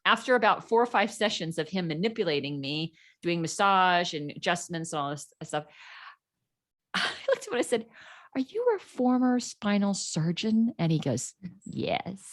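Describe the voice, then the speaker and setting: Casting note: middle-aged woman guest, slightly low voice, animated storyteller doing quoted voices. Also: moderate pace. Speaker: podcast guest. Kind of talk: casual storytelling interview.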